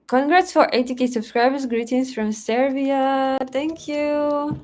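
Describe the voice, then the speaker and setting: A young Russian woman hosts a relaxed live stream from her home in Moscow, reading comments and chatting in a Russian accent. She speaks slowly in a fairly high voice, laughs often and thinks aloud with fillers like "like" and "uh."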